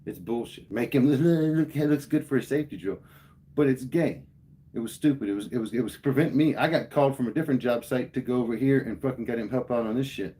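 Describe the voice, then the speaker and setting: A man livestreams a heated, profane story to his chat, ranting in casual speech. His voice is mid-range, fast and warm-toned.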